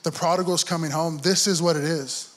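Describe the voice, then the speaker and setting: A man's voice: a little high, fairly even intonation, brisk, fairly bright tone. A young adult man giving a heartfelt testimony in church, telling his story earnestly and acting out his inner dialogue. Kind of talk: sermon testimony.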